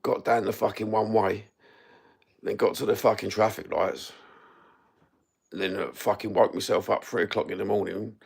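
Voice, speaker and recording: A man's voice: lowish voice, fairly even intonation, normal speed, gravelly, pauses often, husky. A middle-aged man with a Cockney accent, rambling through sweary stories on a livestream. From East London, England. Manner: sweary, rambling, matter-of-fact. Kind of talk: rambling storytelling.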